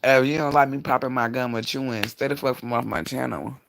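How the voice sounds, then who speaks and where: A man chats on his own livestream, speaking into a streaming mic. He rambles from thought to thought, blunt and profane, in a voice of ordinary pitch for a man. It's loose, unscripted chat. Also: fairly even intonation, fairly quick, creaky, a bit bright, slight background noise. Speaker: livestream host.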